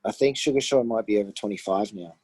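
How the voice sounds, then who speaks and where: Low husky Australian man. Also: quick pace, darkish tone, no echo, poor audio. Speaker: podcast co-host. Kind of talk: casual sports chat. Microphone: remote call.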